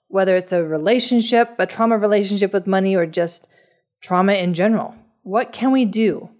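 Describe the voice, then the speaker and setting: Woman podcast host, mid-range voice, calm scripted explanatory read. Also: mid-range voice.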